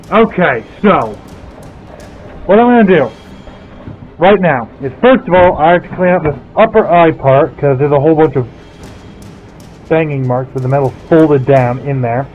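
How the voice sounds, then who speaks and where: A man talking through his work in a workshop, rambling and thinking aloud on a headset mic. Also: medium pitch. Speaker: blacksmith vlogger. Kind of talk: casual workshop commentary. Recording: tinny phone-like sound, faint music.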